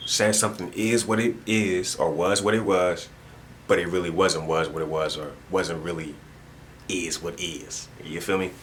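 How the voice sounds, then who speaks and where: A man's voice: low voice, steady tone, normal speed, a bit bright, slight background noise. A man talking in a rambling monologue at home, repeating himself and using heavy street slang. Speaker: vlogger. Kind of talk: casual spoken monologue. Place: at home indoors.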